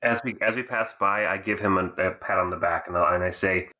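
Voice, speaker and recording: Bright, hesitant man player. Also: sits low, brisk. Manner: hesitant, repeats words. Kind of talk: playing a tabletop game.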